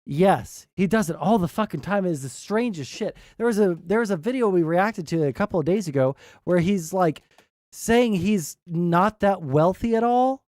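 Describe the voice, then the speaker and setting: A man's voice: high voice, lively intonation, moderate pace, darkish tone, no room sound, clean studio sound. Profane, rambling male streamer. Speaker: streamer reacting to videos. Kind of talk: casual reaction commentary.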